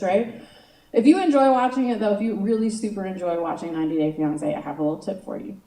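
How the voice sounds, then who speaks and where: A woman's voice: medium pitch, fast talker, dark tone. A woman doing a stand-up comedy set, chatty and self-mocking, full of "you know" asides. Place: comedy stage in a room. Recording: roomy sound from far off.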